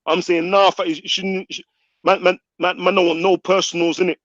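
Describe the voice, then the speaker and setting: A man's voice: sits high, flat delivery, a little fast, fairly bright tone, dry recording. A man with hosting a heated live-stream debate, cutting in and repeating words urgently. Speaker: stream host moderating a debate. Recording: dull lo-fi online audio.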